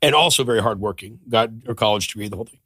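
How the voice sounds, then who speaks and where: A middle-aged man chats as a podcast guest, spinning stories and slipping into the voices of the people he quotes. His voice is bright and forceful, caught on a close studio mic with a dry sound. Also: fairly low pitch, racing, no room sound. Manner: animated storyteller who acts out quoted voices. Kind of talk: storytelling in casual chat.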